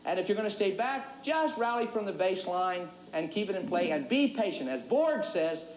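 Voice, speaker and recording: A man coaching tennis in a folksy, joking, energetic way. His voice sits high and swings widely in pitch. It is recorded in a roomy, echoey space. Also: moderate pace, a little hiss or hum. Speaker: tennis instructor. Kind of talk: instructional video lesson.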